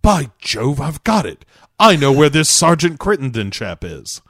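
A man voicing a posh, old-fashioned British gentleman with exaggerated plummy exclamations. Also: a little high, big pitch swings, a little slow, voice pushed up, full character voice. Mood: triumphant.

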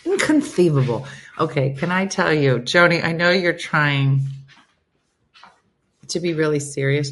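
A woman hosting a casual livestream chat, reading and reacting to viewer comments with frequent laughter. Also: deep voice.

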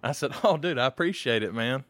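A man's voice: medium pitch, expressive, brisk, a bit bright, no room sound, studio quality. A man, co-hosting a podcast and telling stories over drinks, laid-back and swearing freely, often laughing. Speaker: podcast co-host. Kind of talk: casual storytelling over drinks.

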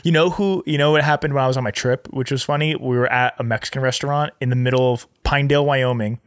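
A man co-hosting a podcast, telling stories quickly in casual chat, often laughing. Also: medium pitch, no echo, studio quality. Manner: fast, animated storytelling with laughter.

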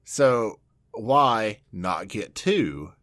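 Very deep-voiced woman, playful and lively. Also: extremely slow, no room sound, studio quality. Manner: playful, teasing, jokey reasoning. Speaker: podcast co-host. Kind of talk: casual podcast chat.

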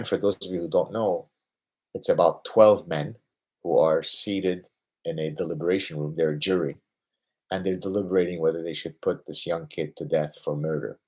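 A man in his fifties with a deep, slightly husky voice, hosting a livestream question-and-answer session. He argues his points emphatically, tagging them with rhetorical questions, and grows lively when he talks about work he loves. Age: 50s. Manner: emphatic, with rhetorical "right?" tags; lively, getting excited about his passions. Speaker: host answering viewer questions.

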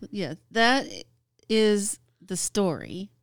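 Smooth-voiced chatty woman. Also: mid-range voice, sing-song, no echo. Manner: chatty, laughing often, halting with fillers. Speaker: guest. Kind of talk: casual storytelling.

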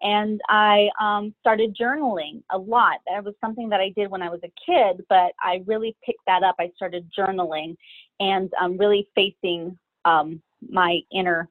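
A middle-aged woman telling her own story as an interview guest, hesitant and pausing often between her thoughts. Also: mid-range voice, steady tone, no room sound. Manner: hesitant, many pauses and fillers. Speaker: guest sharing personal story. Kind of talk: candid personal storytelling. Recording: tinny phone-like line, dry.

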